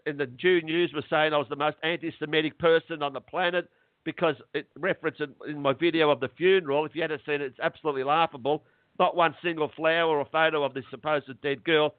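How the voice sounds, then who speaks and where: Middle-aged man, phone-in guest, fairly high voice, halting and agitated, dry tinny line. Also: no echo. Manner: agitated, halting, repeats words. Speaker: interview guest. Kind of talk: phone interview.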